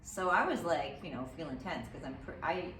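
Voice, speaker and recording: Woman, podcast guest, animated storyteller; distant mic, noisy echo. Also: deep voice, fairly quick. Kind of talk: casual chat. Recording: echoey room, mic far off, noisy.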